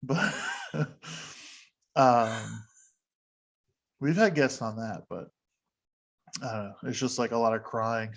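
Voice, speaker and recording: Male podcast host, mid-pitched, loose chatty delivery with frequent laughs. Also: slow, creaky, long pauses. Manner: rambling, self-deprecating, laughs often. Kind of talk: casual chat.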